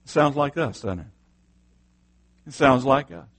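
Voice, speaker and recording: A man's voice: mid-range voice, animated, unhurried. A middle-aged male pastor preaching a sermon with passion, firing off rhetorical questions.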